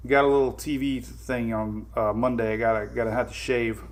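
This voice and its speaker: A man with a Southern US accent hosts a casual weather live stream, rambling and greeting viewers by name. His mid-range voice is steady and a little fast.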